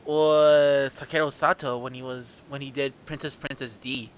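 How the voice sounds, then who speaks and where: A man co-hosting a casual review podcast, excitable and jumping high in pitch when quoting. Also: moderate pace. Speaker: podcast co-host.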